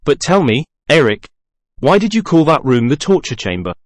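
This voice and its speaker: A man reading the part of a frightened, gentle young woman who speaks in a soft, pleading way. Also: a little high, sing-song, moderate pace, no echo, clean studio sound. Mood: nervous.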